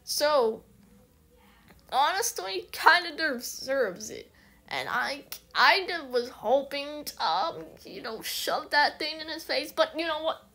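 A woman vlogger rambling excitedly through a casual movie recap, full of restarts. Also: high-pitched, slow.

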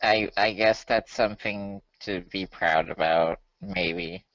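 A man's voice: on the low side, steady tone, slow pace, a bit bright, no echo, lo-fi sound. A man appearing as a podcast guest in casual chat, wry and hesitant, repeating himself as he puts himself down. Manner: wry, hesitant, self-deprecating.

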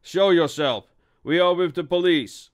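A man's voice: fairly high pitch, unhurried, voice pushed up, natural voice. A man voicing a stern, commanding police inspector with a dry wit in an audiobook.

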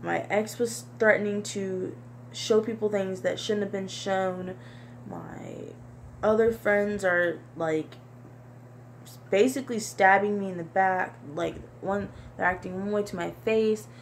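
A young woman vlogger talking to camera in a halting, repetitive, soft-spoken confessional monologue. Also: mid-range voice, fairly even intonation, creaky, slight background noise. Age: young adult.

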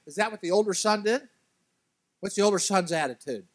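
A man preaching as a guest speaker at a church, telling a story with lively, animated delivery. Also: fairly quick, pauses often, dry recording. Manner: animated storytelling, acts out characters' quotes with big pitch jumps. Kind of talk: sermon.

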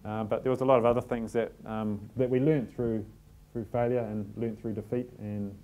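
Relaxed New Zealand man telling stories. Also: mid-range voice, normal speed. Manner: relaxed storytelling, self-deprecating humour. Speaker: team manager giving a talk. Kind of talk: live talk to an audience. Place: packed function room.

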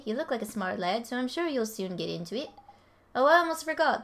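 A woman's voice: on the high side, lightly acted. A woman reading aloud the lines of a bossy little male fairy from a game, in a put-on, uncertain accent. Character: small cheeky male fairy, bossy guide.

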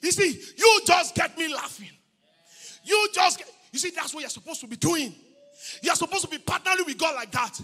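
A man preaching a sermon as pastor, exuberant, breaking into shouts and laughter. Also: extremely high pitch, expressive, normal speed, soft background music.

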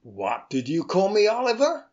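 A man's voice: high-pitched, wildly swooping pitch, normal speed, darkish tone. A man playing a brusque bullying boss. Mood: domineering. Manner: brusque, domineering, impatient. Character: bullying bossy male employer. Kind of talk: radio drama re-creation. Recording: dull lo-fi radio-style recording.

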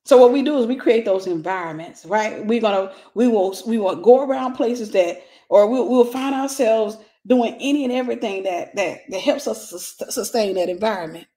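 A middle-aged woman giving a lively, conversational sermon, acting out little scenes and laughing as she teaches. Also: mid-range voice, normal speed, few pauses. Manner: animated, acts out gossip with voices, laughs. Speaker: Christian teacher.

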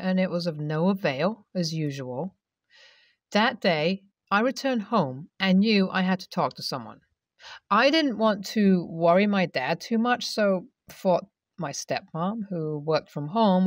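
Female narrator, first-person story read aloud, steady delivery, dry sound, slightly off-mic. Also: lowish voice, unhurried, no echo, distant mic.

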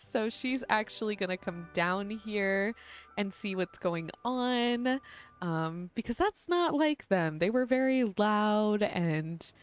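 With a smooth, medium-pitched voice, this young gaming channel host chats through her life-sim game in a casual let's-play, giggling often and saying "um" a lot.

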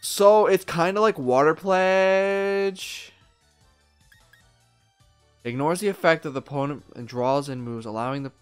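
Man, gameplay commentary, profane, excitable, smooth clear voice, faint music behind. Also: medium pitch. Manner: profane, excitable, talks back to the game. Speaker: let's play gamer.

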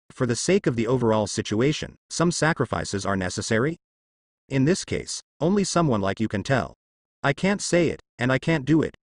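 A man's voice: mid-range voice, no echo, clean studio sound. A man voicing a righteous young male navy rear admiral who speaks in firm, reproachful speeches.

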